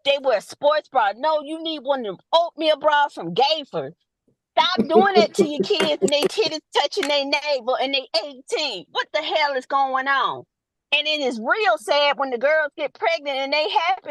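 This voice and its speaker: High-voiced woman ranting bluntly. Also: moderate pace, dry recording. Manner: blunt, profane, animated ranting. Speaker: nurse, guest. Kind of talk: loud casual rant.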